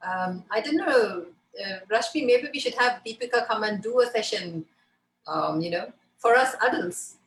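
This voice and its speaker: A woman's voice: medium pitch, animated, normal speed. A woman interviewer asks questions over a video call, hedging often with "you know" and "um". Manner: hesitant, full of "you know" and "um". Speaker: interviewer, online art class founder. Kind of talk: interview conversation. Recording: echoey room with faint noise.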